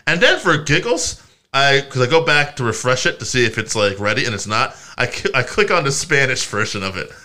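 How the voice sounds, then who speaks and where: A man co-hosting a casual wrestling podcast, animated and quick to laugh, jumping into playful voices when he retells stories. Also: mid-range voice. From Puerto Rican background. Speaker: podcast co-host.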